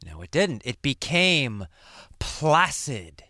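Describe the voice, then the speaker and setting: A man teaching English by telling a story slowly, asking questions and answering them himself. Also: fairly high pitch, sing-song, bright, forceful tone, clear, resonant tone, no echo, clean studio sound. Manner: repeats and answers his own questions, dramatic swings to near whisper.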